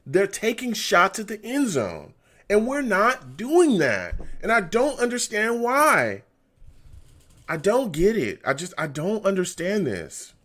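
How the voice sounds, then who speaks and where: A male fan livestream host reacts live to a football game, venting frustration and reading chat messages out loud. His pitch is very animated, and his volume swings between low muttering and loud ranting.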